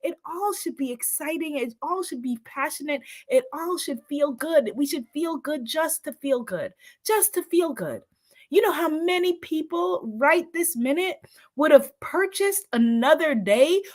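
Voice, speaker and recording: Lively high-voiced inspirational woman host. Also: measured pace. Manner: enthusiastic, laughing often, repeating affirmations. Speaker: spiritual host. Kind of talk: inspirational live-stream talk.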